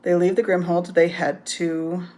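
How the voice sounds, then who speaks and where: A woman's voice: on the low side, little pitch movement, unhurried, mellow. A woman giving a casual, rambling recap of a book's plot, with frequent ums and laughter. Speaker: book reviewer. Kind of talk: casual spoken book recap.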